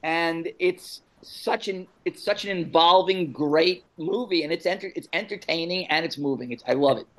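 A man with a fairly high voice talks about films in an easy, chatty way. He gets animated, stumbles through restarts and throws in quoted movie lines as he goes. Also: moderate pace, few pauses, low-quality recording. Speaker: podcast co-host. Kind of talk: casual film chat.

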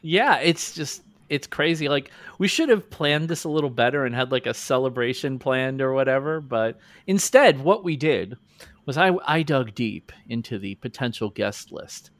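A man in his forties hosting a podcast in casual chat, animated and self-mocking, acting out quoted lines. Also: mid-range voice, normal speed, dry recording. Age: 40s. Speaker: podcast host.

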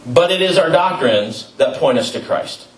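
A man's voice: on the high side, lively intonation, moderate pace. A middle-aged man preaching a sermon as pastor, in a conversational, storytelling way with asides and fillers. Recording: roomy, distant mic with faint ambience.

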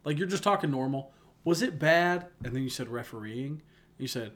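A man's voice: fairly high pitch, lively intonation. A young man co-hosting a casual sports podcast, playful and teasing. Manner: playful, teasing, quick to laugh. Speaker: podcast co-host.

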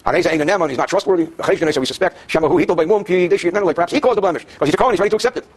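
He speaks very fast in a high voice. This man is a Torah teacher running a daily class on Jewish law for in-person students, where he reads Hebrew passages, translates them and explains them with jokes.

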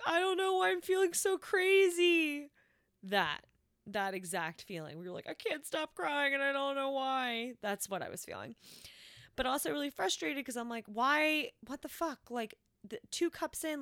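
A young woman recounts a personal experience in a candid, rambling way, swearing freely as she goes. Her voice sits a little low and comes through smooth and clear. The sound is dry and close to the mic. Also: fairly bright tone, no room sound. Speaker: podcast host. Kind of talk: personal storytelling.

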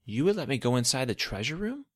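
A man's voice: mid-range voice, very animated, quick pace, no room sound, clean studio sound, voice pushed up. A man voicing a frightened, distrustful boy in a storybook reading, with an anxious, pleading way of talking. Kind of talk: storybook narration.

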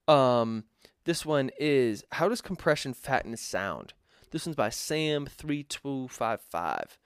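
A man's voice: mid-range voice, no echo, clean studio sound. A man who produces music, answering viewer questions in a loose, chatty tutorial with many fillers and restarts. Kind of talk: casual tutorial Q&A.

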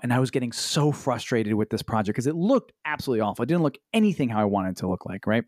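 Animated, exasperated man telling a story. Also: very fast, few pauses, no room sound, clean studio sound. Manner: animated, exasperated, swears a lot, jumps in pitch. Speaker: podcast co-host. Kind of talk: casual storytelling chat. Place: Los Angeles.

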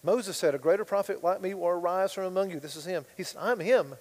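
High-voiced man preaching in a reverberant hall. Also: fast. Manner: preaching with swings from loud emphasis to quiet asides. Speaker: pastor. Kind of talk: sermon.

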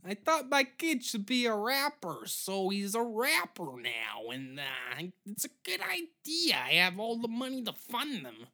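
A man putting on the voice of a boastful rich father with a shrill, nasal tone, as a comic bit. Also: wildly swooping pitch, unhurried, hardly any pauses, bright, forceful tone, exaggerated voice. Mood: smug.

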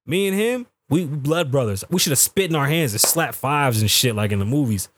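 A man in his thirties hosting a podcast, telling a story in a profane, animated way and acting out the people he quotes. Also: mid-range voice, brisk, slight background noise. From United States. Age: 30s. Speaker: podcast host. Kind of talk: casual storytelling monologue. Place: podcast studio.

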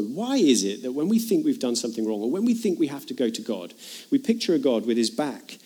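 A man's voice: mid-range voice, sing-song, a little fast, warm tone, slightly rough. A man preaching a sermon, earnest and emphatic, retelling a parable with dramatic rises in his voice.

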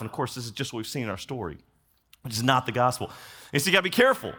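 A pastor preaching a sermon, moving from easy storytelling to fervent, pressing emphasis. His voice is bright and forceful, and a long reverb rolls after it through a large hall. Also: medium pitch, lively intonation, quick pace. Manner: storytelling, rising to impassioned emphasis.

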